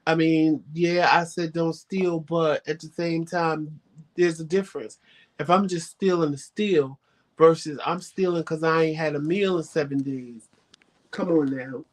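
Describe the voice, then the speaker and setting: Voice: medium pitch, fairly even intonation, measured pace, low-quality recording. A co-host in casual chat, speaking emphatically and asking rhetorical questions.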